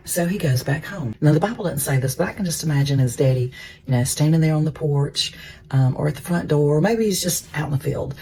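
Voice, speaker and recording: Brief: mellow, gravelly male storyteller, chatty devotional retelling. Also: fairly high pitch, a little fast, a little hiss or hum. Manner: conversational, repeats words, drops into hushed whispers. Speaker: Christian storyteller.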